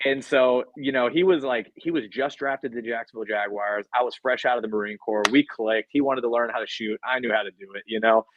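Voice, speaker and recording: A man's voice: mid-range voice, fairly even intonation, brisk, hardly any pauses, muffled recording, noisy background. A man, a podcast guest, telling his career story in casual, rambling talk full of fillers. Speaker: podcast guest, sports agent. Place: podcast studio.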